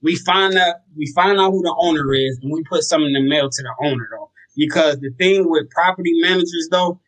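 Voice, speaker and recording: A man's voice: on the high side, low-quality recording. A man telling business stories in casual, slangy podcast talk. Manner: relaxed, slangy, tells stories with acted quotes. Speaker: guest, sober home operator.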